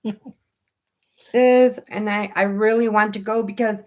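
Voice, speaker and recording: A woman chatting casually on a home live stream, telling lively stories and acting out what people said. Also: mid-range voice, slow. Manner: animated storyteller who acts out quoted voices.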